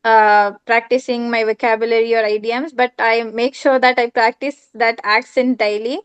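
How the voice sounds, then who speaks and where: A woman with an Indian accent, an English learner, speaking hesitantly and politely with many pauses. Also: on the high side, little pitch movement, clean tone, muffled recording. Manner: hesitant, many "uh" fillers, polite "yes, ma'am". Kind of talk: casual conversation.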